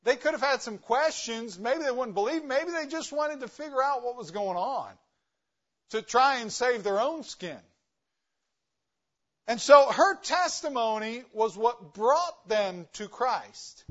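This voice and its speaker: A man's voice: extremely high pitch, animated, a little slow, lo-fi sound. A man, a guest missionary preacher, giving an emphatic sermon full of rhetorical questions. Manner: emphatic, rhetorical questions, varies loudness for stress. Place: church.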